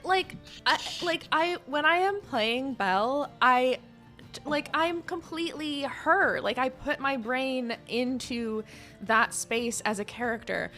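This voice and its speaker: A woman's voice: high-pitched, slow pace, bright, forceful tone, soft background music. A young woman guest on a tabletop game podcast, talking things through reflectively with lots of fillers and restarts. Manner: reflective, searching for words, many fillers. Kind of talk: casual conversation.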